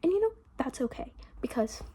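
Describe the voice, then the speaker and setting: A woman's voice: high-pitched, sing-song, a little fast, dark tone. A teenage girl talking in a rambling, chatty way in a casual diary vlog, often half-whispering into her phone in her bedroom. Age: teens. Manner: rambling, chatty, full of "like" fillers. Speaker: vlogger.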